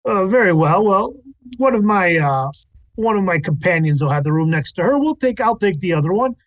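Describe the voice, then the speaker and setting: High-voiced man playing a tabletop character. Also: animated, a little fast, no echo, dull audio. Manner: hesitant, haggling, with restarts. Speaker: player. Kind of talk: in-character tabletop role-play.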